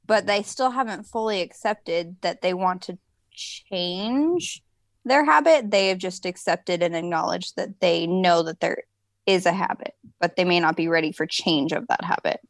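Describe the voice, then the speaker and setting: A woman co-hosting a podcast, explaining habits and change in a measured way. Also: on the low side, no echo. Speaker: podcast co-host. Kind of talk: casual podcast chat.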